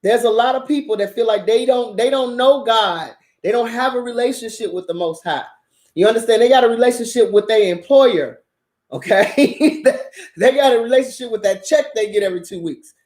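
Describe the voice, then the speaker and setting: A woman's voice: on the high side, a little fast, roomy sound. A woman hosting her channel, telling stories in a casual monologue, swearing freely and laughing often. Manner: profane, animated storytelling with frequent laughter. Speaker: channel host.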